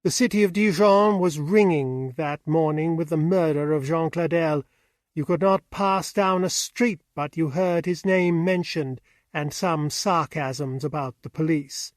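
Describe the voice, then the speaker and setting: A man narrating an audiobook with steady, even storytelling on a close mic. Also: fairly high pitch, unhurried, no room sound. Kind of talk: scripted narration.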